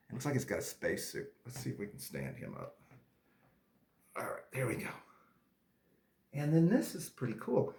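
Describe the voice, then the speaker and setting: A man teaching children an art lesson and reading them his own story, in a playful, animated manner. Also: mid-range voice, reverberant.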